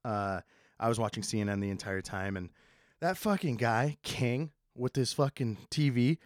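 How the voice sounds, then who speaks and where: A young man hosting a casual solo podcast, rambling with sarcasm and plenty of swearing, speeding up and slowing down as he goes. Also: medium pitch, no room sound, clean studio sound. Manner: sarcastic, swears a lot, swings between fast and slow. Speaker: podcast host.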